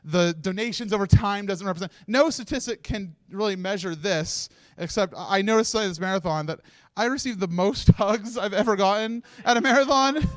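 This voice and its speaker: High-voiced man giving a tearful speech. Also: faint music behind. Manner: halting, many restarts, laughs through tears. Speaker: marathon organizer giving closing speech. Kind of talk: emotional live speech. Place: stage set of a charity marathon livestream.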